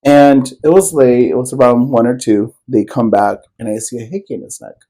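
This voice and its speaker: A man's voice: mid-range voice, fairly even intonation, a little fast, dark tone, poor audio. A man co-hosting a podcast, telling a personal story in loose, rambling casual chat, full of fillers and swearing. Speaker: podcast co-host.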